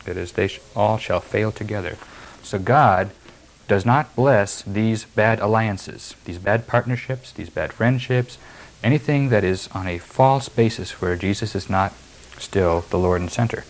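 A man's voice: on the low side, unhurried, poor audio. A man preaching a sermon, reading verses and then explaining them emphatically. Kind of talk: sermon expounding scripture.

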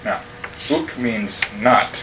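In a classroom lecture on New Testament Greek, a man with a medium-pitched voice takes it slowly, patiently explaining each word and checking that his students follow. The mic is distant and the room is noisy.

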